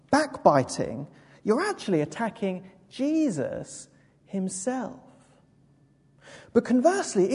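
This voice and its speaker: A woman's voice: medium pitch, slightly rough. A woman preacher giving a sermon in a church, telling the story vividly and addressing listeners directly. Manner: vivid, expressive storytelling with asides. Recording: echoey hall with long reverb.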